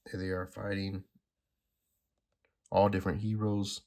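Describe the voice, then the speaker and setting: A man's voice: deep voice, normal speed. A man hosting a comic-reading channel, commenting casually with unsure, laid-back asides. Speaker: comic book reader, channel host.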